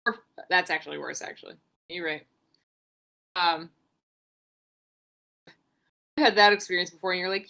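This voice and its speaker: A woman's voice: lowish voice, moderate pace, creaky, pauses often. A young woman co-hosting a podcast, recapping wrestling in casual chat, swearing freely and acting out what people said. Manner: animated, swearing, acts out quotes. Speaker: podcast co-host.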